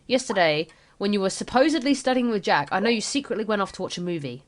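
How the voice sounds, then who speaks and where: A woman's voice: mid-range voice, animated, quick pace, lightly acted. A woman reading a controlling mother. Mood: scolding. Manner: reading game text aloud in character. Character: worried controlling mother, middle-aged woman.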